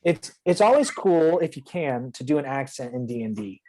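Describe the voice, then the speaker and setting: A man's voice: mid-range voice, lively intonation, normal speed, darkish tone, slight background noise, low-quality recording. A man playing in a tabletop game, explaining his character in casual chat, earnest and rambling with many fillers and restarts. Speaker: player.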